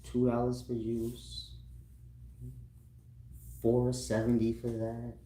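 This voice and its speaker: A man's voice: mid-range voice, completely flat delivery, slow, warm tone, slight background noise. A man talking in a loose, rambling, profane monologue, laughing often. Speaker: online commentator. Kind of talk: casual monologue. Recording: roomy echo.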